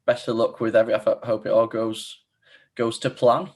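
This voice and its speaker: A man's voice: medium pitch, little pitch movement, a little fast, a little mellow, breathy edge. A man hosting a podcast, asking questions hesitantly with many fillers and restarts. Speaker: podcast host. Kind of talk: casual podcast interview.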